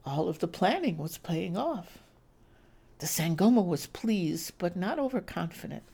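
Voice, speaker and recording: A woman who hosts a podcast, reading a suspense story in a deliberate, suspenseful way. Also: fairly low pitch, big pitch swings, creaky, warm tone, husky. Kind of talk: scripted story narration.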